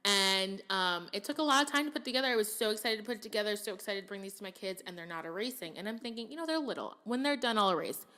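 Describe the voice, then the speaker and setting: A woman's voice: mid-range voice, fast, hardly any pauses. A young woman teacher co-hosting a podcast, telling classroom stories with lots of laughter and self-quoting. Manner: animated storytelling, quoting herself in a raised voice, laughing often. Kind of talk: casual podcast chat.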